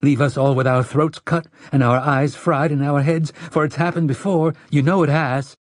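A man's voice: fairly high pitch, steady tone, normal speed, no room sound, voice pushed up, natural voice. A man voicing a frantic rustic farm mother. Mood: bitter. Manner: pleading, sharp, rustic dialect. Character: frantic frontier farm mother, middle-aged woman. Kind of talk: audiobook character voice.

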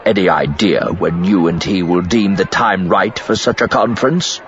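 A man voicing a smooth, menacing male crime boss who speaks quietly in clipped, hissing words. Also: deep voice, moderate pace, highs cut off, soft background music, a faint crowd, voice pushed up, lightly acted. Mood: calculating.

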